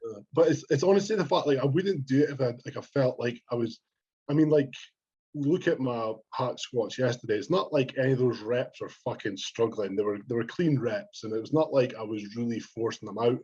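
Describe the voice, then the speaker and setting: A man's voice: medium pitch, a little fast, breathy edge. A young Scottish man co-hosting a podcast, chatting casually and swearing freely. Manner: sweary, rambling, quotes himself in lively bursts. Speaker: podcast co-host, bodybuilder. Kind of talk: casual chat. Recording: dull lo-fi sound.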